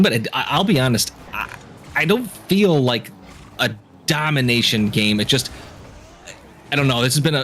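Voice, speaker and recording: Male color caster, mid pitch, relaxed and rambling, faint background noise. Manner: relaxed, rambling analysis with restarts. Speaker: color commentator. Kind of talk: esports commentary.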